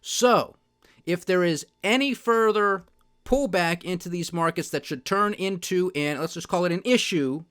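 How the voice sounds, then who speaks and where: A man's voice: high voice, unhurried, fairly bright tone, clear, resonant tone. A man hosting a podcast, giving solo commentary on markets and politics in a sardonic, emphatic, ranting manner. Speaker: podcast host.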